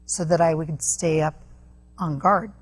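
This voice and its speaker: A woman guest on an interview show, telling a personal story earnestly, with halting restarts. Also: low voice, fairly even intonation, slightly rough, faint music behind. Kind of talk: personal testimony in a talk interview.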